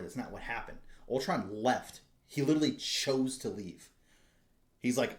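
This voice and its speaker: A man co-hosting a podcast, telling stories in an excitable, profane casual chat. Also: mid-range voice, normal speed, echoey room. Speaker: podcast co-host.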